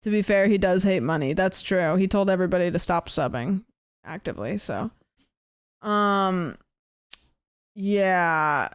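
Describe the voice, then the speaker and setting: A woman's voice: fairly low pitch, a little slow, long pauses, smooth, dry recording, studio quality. A young woman streaming, chatting casually and mocking herself with frequent laughs. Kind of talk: casual chat. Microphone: desk mic.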